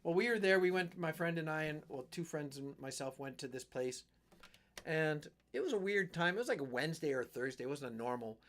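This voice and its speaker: A man's voice: a little high, brisk. A middle-aged man from western Canada telling a rambling story on his live stream, acting out what people said. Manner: rambling, animated storyteller who acts out quotes.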